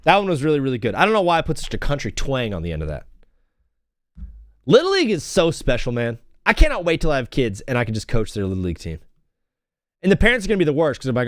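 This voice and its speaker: Young man, host, casual live-stream chat, lively voice, dry close sound. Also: mid-range voice, quick pace, no room sound. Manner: rambling, animated storytelling with chanted cheers. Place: home.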